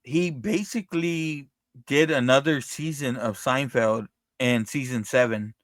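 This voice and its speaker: A man's voice: medium pitch, a little slow, no echo. A man hosting a podcast, chatting casually with short easygoing affirmations. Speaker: podcast host. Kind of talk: casual chat.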